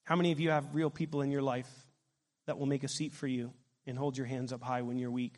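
A middle-aged man preaching a sermon as pastor, animated and asking his congregation questions. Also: mid-range voice, quick pace, long reverb tail.

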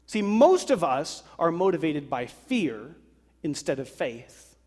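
A man preaching a sermon to a congregation, lively and acting out worried voices. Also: on the high side, takes it slowly. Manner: animated, acts out worried voices. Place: church sanctuary. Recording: long hall reverb.

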